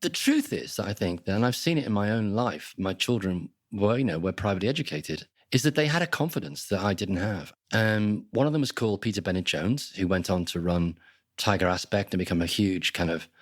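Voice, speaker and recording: Older man, softened Liverpool accent, dry. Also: lowish voice, brisk, no echo. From Liverpool, England. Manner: lively storyteller, wry, animated asides. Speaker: interview guest. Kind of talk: conversational anecdotes.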